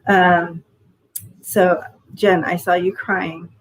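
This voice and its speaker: Woman, low-ish voice, casual rambling spiritual reader with restarts and blunt swearing, faint background hiss. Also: level tone, very slow. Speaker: spiritual healer giving channeled messages. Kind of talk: casual spiritual reading on a group call.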